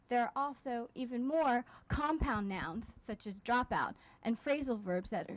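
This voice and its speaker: Woman pitching her startup onstage. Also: unhurried, few pauses, no room sound, poor audio. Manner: explanatory, with frequent fillers and restarts. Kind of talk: demo day pitch presentation. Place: event stage.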